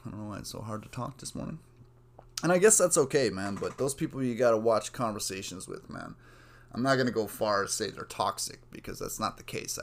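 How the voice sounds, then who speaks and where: A young man hosting a solo podcast, talking casually in a meandering stream of consciousness and swearing freely. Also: mid-range voice. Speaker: podcast host. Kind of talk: rambling solo podcast monologue.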